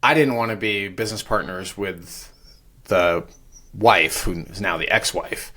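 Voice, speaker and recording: Podcast co-host, male, low bright voice, rambling conversational delivery. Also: unhurried. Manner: chatty, rambling with restarts and fillers. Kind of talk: casual real estate podcast chat.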